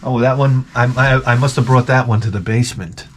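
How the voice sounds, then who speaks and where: A man's voice: mid-range voice, steady tone, brisk, background noise. A man telling crude stories with a comic edge, rambling and laughing a lot, and acting out the lines of the people in them. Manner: crude, rambling, laughs often, acts out quotes. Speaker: vlogger. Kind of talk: profane comic storytelling.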